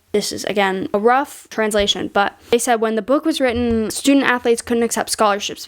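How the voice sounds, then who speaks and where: A woman chatting casually in a show review, frank and exasperated, tossing in quick asides and the odd swear. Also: fairly high pitch, smooth.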